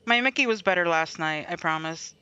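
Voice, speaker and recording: A woman's voice: on the low side, animated, fairly quick, bright, forceful tone, smooth, highs cut off. A woman chatting casually through a gameplay livestream, talking to herself and to chat and laughing often. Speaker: streamer. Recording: light music behind the voice.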